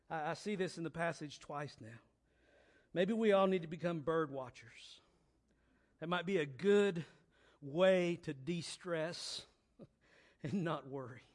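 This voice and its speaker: A man preaching a sermon in a high, light voice, taking his time over every phrase. He drops into hushed, low stretches, then climbs to loud, fervent emphasis. His repetitions land slowly and deliberately. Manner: swings from quiet, low reflection to loud, high-pitched emphatic exhortation; slow, deliberate delivery with repeated phrases.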